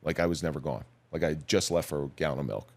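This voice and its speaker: Brief: middle-aged man, very low voice, measured and somber storytelling, plain-spoken guest. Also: a little mellow. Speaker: podcast guest, police officer. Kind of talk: personal storytelling in a podcast interview.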